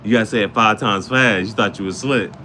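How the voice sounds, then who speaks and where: A man vlogging in a casual rambling monologue, slangy and swearing, jumping between topics, laughing often, his voice shooting high on sudden outbursts. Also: brisk, bright, forceful tone, a little hiss or hum.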